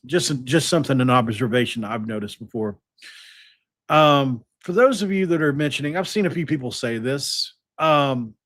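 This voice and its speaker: A man hosting a sports podcast, talking casually and rambling with lots of fillers and restarts. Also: medium pitch.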